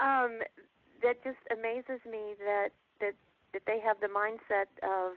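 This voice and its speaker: A woman's voice: medium pitch, steady tone, unhurried. A woman speaking as co-host in a motivational talk, earnest and emphatic, often repeating words. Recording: tinny dry phone line.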